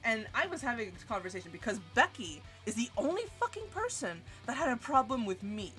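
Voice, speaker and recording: Bright-voiced woman ranting on stream. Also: brisk. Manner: profane, animated, jumps in pitch. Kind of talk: casual storytelling rant. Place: home streaming setup. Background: faint music.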